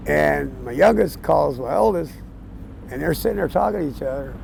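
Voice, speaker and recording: Gravelly-voiced older man telling his story. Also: fairly high pitch, expressive, moderate pace, slight background noise, poor audio. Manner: plain-spoken, casual, with frequent fillers and soft chuckles. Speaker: interviewee sharing his life story. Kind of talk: candid storytelling.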